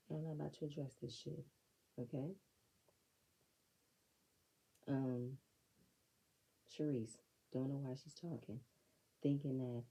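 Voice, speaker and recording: A woman recaps a reality show episode in a casual, opinionated way and throws in sassy asides. Her voice is gravelly and very dark, with a husky edge. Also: sits low, poor audio. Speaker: reality TV reviewer.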